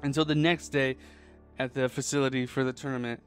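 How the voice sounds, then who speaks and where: Male podcast host, casual animated storyteller, mid-pitched. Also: soft background music. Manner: animated, jokey, does quick quoted voices.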